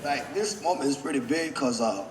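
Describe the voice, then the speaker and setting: A man giving a best man's toast, choked up and holding back tears, halting with many fillers and restarts. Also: medium pitch, expressive. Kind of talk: wedding toast. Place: wedding reception hall. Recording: echoey reception hall with faint background noise.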